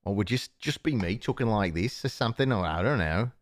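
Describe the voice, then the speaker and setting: A young man chats casually to his livestream audience from home. His voice sits on the low side, and he rambles, chuckles often and trips over his own restarts. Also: expressive, brisk, no echo, clean studio sound. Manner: rambling, chuckling, self-interrupting. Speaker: livestream host.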